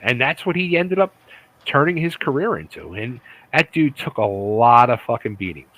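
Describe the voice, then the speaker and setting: Middle-aged male guest, excitable and profane, forceful tone, dry close sound. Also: medium pitch, moderate pace, no echo, low-quality recording. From United States. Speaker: guest, retired wrestler. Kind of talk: casual interview chat.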